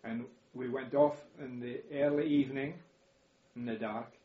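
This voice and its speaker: A man's voice: mid-range voice, steady tone, moderate pace. An older man, telling war stories in an interview. He chuckles now and then and repeats words as he recalls events. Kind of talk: reminiscing storytelling. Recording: echoey room, slightly dull audio.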